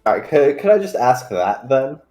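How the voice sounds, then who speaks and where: A man's voice: medium pitch, big pitch swings, moderate pace, dark tone, faint music behind. A man playing a tabletop game in character, talking in a folksy, drawling way. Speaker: player. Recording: echoey room.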